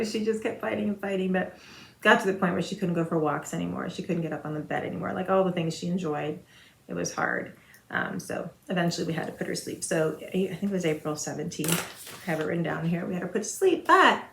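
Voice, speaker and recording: A woman's voice: fairly low pitch, vocal fry. A woman in her forties chatting casually to camera as a stitching vlogger, rambling with many fillers and restarts. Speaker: Flosstube vlogger. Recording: roomy echo, faint noise.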